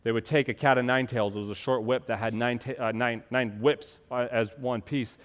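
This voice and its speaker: A man preaching a sermon as pastor, building to loud, impassioned peaks and dropping to soft, slow passages. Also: medium pitch, fairly even intonation, long reverb tail. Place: church.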